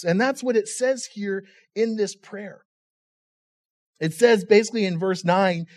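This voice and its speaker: A man's voice: high-pitched, normal speed, a little mellow. A male pastor giving a conversational, humorous sermon, often repeating words as he restarts.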